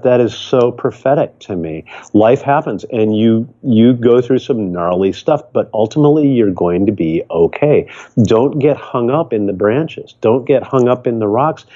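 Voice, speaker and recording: A man's voice: medium pitch, warm tone. An older man from Michigan, a podcast guest, telling a personal story in an earnest, rambling way with frequent restarts. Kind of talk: reflective storytelling. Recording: dull lo-fi remote audio.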